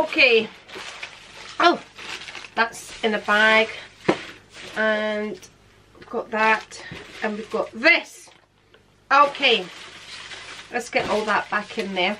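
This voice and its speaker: A woman chats to a camera set up in front of her at home, unboxing beauty products while snacking. Her voice sits a touch high, she laughs often, and a faint hiss runs under the recording. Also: slow, long pauses. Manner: chatty, laughs often, talks with food in mouth. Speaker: vlogger. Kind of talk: casual chat to camera.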